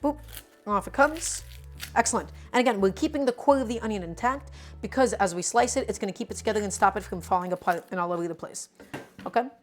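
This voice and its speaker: A woman's voice: mid-range voice, quick pace, faint music behind. Chatty New York woman teaching cooking. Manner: chatty and explanatory, often calls viewers "my friends". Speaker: cooking streamer. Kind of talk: casual live cooking demonstration.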